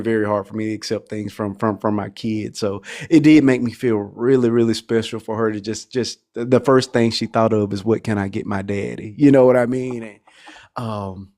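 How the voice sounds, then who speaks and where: A man's voice: mid-range voice, darkish tone. Emotional man, casual live chat. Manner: emotional, repeats words when moved. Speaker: podcast host.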